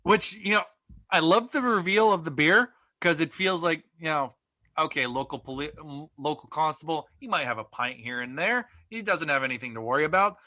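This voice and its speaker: A man's voice: on the high side, brisk, pushed and bright, no echo. A man co-hosting a podcast in casual chat, recapping plot at length with plenty of ums and uhs. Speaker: podcast co-host.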